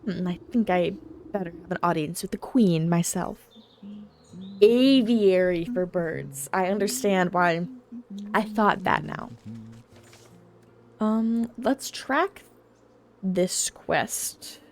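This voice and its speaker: A woman's voice: lowish voice, slow, long pauses, darkish tone. A woman streamer chatting casually and thinking aloud while playing a game. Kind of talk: casual gameplay commentary.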